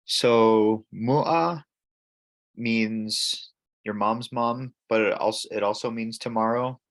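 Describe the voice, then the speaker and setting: Brief: male student, low voice, slow and careful, dull and dry line. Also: no room sound. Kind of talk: language class practice. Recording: dull dry call audio.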